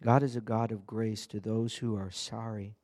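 A man's voice: lowish voice, little pitch movement, normal speed, darkish tone. A man preaching an earnest, conversational sermon, often asking the congregation direct questions. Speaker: pastor.

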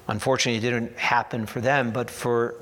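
A man preaching a sermon as pastor, earnest and deliberate, slipping in dry humorous asides. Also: mid-range voice, little pitch movement, a bit bright. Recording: long hall reverb.

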